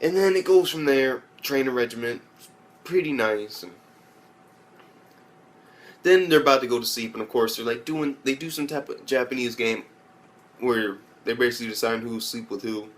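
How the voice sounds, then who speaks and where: At a normal speed with long pauses, a young anime reviewer talks through an episode, his middle-register voice rambling and loose. He curses constantly and breaks into loud, high-pitched character impressions.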